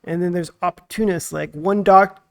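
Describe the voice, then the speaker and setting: A man hosting a relaxed podcast conversation, his voice pitched high for a man. A gravelly fry runs through his speech. He lays out his views in a steady, measured way. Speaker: podcast host. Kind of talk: casual chat.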